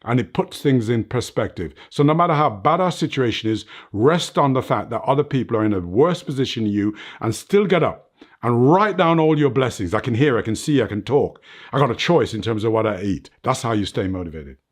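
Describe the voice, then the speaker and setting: A man's voice: medium pitch, expressive, fairly quick. Earnest older man preaching life lessons. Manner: tags points with "right?" and "you know what". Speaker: interview guest, fitness motivator. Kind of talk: reflective motivational interview talk. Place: his home, under film lights.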